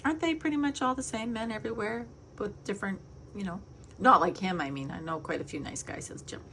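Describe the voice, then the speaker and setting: A middle-aged woman talks to her pet cat in a loose, chatty storytelling way, acting out both sides of an argument as she goes. Her voice sits at an ordinary middle pitch for a woman. A faint hiss of background noise runs under the recording. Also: fast, sharp tone. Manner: chatty, retells quarrels with quoted back-and-forth. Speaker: vlogger talking to her cat.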